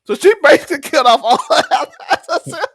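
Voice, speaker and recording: A man chats through a TV recap in a loose, laughing way, often acting out quotes. His voice sits fairly high and the recording is dry and close. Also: lively intonation, brisk, a bit bright, dry recording. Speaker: podcast co-host. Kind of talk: casual TV recap chat.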